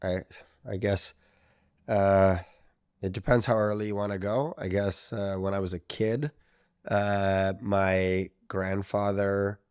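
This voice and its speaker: A man's voice: low voice, a little mellow, clean tone, no echo, studio quality. A man being interviewed as a podcast guest, recalling his past in a rambling, hesitant way full of "like" and "I guess.". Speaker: podcast guest, tech founder. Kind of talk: casual interview storytelling.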